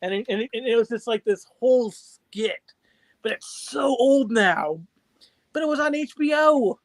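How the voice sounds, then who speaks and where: A man talking as a guest in a casual chat, chatty and quick to laugh. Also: very high-pitched, lively intonation, creaky, dry recording.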